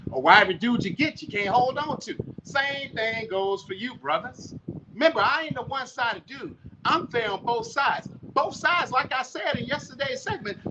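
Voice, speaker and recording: Male podcast host, high pitch, blunt profane preachy rant, muffled noisy recording. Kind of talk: ranting monologue. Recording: muffled with loud noise.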